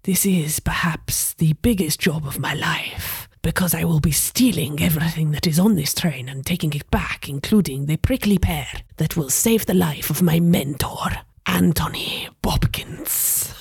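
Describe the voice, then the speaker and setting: Woman as a charming, grandiose outlaw, husky whisper, lowish pitch, game-table play. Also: a little slow, dry recording, studio quality, full character voice. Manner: hushed, husky whispery delivery. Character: suave male outlaw gunslinger, grandiose, charming.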